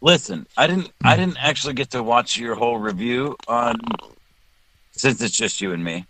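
A man's voice: medium pitch, moderate pace, bright, forceful tone, a little hiss or hum, poor audio. A man from South Texas, a guest on a casual podcast call, chatty and joking, often restarting his sentences.

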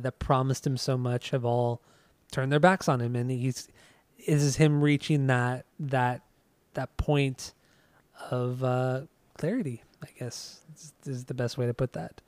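A man's voice: medium pitch, a little mellow, clear, resonant tone, no room sound. A man co-hosting a podcast who explains things in a tentative, hedging way. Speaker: podcast co-host. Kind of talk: casual chat.

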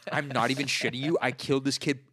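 A young man chatting casually with friends, telling animated, profane gaming stories and acting out other players' shouts. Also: mid-range voice, fast. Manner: animated storytelling, swears a lot, acts out other players' shouts. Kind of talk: casual chat among friends.

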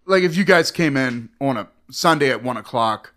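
Young man, bright and forceful tone, profane podcast guest spinning bar-door stories, quick to laugh and act out voices. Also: medium pitch, lively intonation. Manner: profane, laughs often, acts out other voices. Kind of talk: casual storytelling chat.

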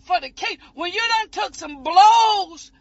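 A woman preaching an ecstatic sermon, shouting and whooping, her voice breaking as if crying. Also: extremely high pitch, measured pace. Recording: muffled lo-fi recording.

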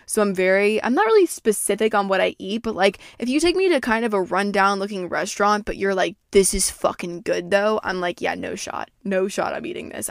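A young woman hosts a podcast and rambles through a story in casual, animated talk. She swears freely, leans on "like," and owns being dramatic. Her voice sits at a middling pitch, recorded dry and close with no room sound. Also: no echo. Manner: self-described dramatic. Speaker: podcast host.

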